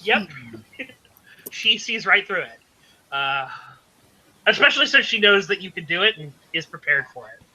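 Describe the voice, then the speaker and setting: A man's voice: high voice, animated, normal speed, pauses often, bright, forceful tone, low-quality recording. A man narrating as game master of a tabletop game, rambling with many fillers and restarts.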